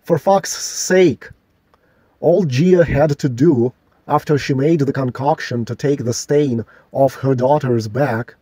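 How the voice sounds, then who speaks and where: A man's voice: medium pitch, dark tone, no echo. A man delivering a solo vlog rant in an indignant, argumentative, profane way. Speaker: vlogger.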